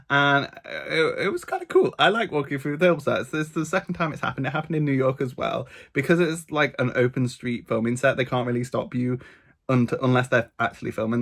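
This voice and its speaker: A man chatting straight to his camera about a trip. He tells the story in a gossipy, animated way, with plenty of ums and likes. His voice sits in the middle of the range. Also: mid-range voice. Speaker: travel vlogger. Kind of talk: casual storytelling vlog. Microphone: camera mic, talking to camera.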